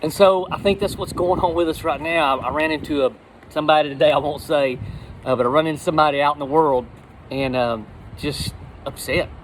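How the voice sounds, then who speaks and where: A middle-aged man giving a casual, folksy sermon, animated, with repeated words. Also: fairly high pitch, fairly quick, a little hiss or hum, rough recording. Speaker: lay preacher.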